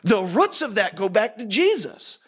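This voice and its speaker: A man's voice: high voice, big pitch swings, moderate pace, a bit bright, husky. A man in his thirties preaching a sermon in a conversational, storytelling way, with self-deprecating humor. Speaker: pastor.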